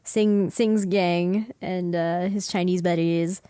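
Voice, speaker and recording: A woman's voice: lowish voice, fairly even intonation, slow pace, warm tone, clear, resonant tone, no echo. A woman hosting a podcast, chatting casually, often laughing and acting out lines she quotes. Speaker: podcast host.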